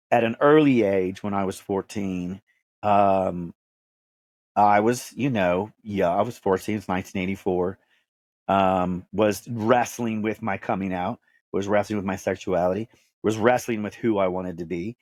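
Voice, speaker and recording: A low-voiced Texan man in his fifties tells his own story with earnest, emphatic conviction. He leans on repeated phrases to drive each point home. The sound is close and dry. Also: a little mellow, dry recording. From Dallas, Texas. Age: 50s. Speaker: podcast host interviewed. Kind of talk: candid personal storytelling.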